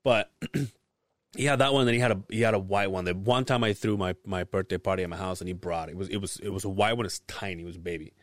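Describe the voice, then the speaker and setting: Low-voiced laid-back man, dry mic. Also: steady tone, quick pace, dry recording. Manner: laid-back, profane, laughs often. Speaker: podcast co-host. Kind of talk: casual chat.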